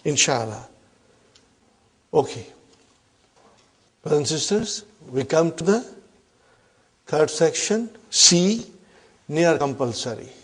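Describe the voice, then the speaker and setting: A man teaching an Arabic grammar class, repeating example sentences slowly and often checking in with the students. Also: on the high side, animated, slightly rough. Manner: checks in often with "huh?" and "are you with me".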